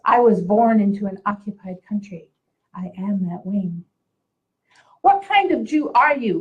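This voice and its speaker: A woman poet from Puerto Rico recites her verse at a public reading. She speaks in a measured, rhythmic way and lets each line land. Her voice sits at an ordinary middle pitch for a woman. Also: rough recording. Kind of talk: poetry reading.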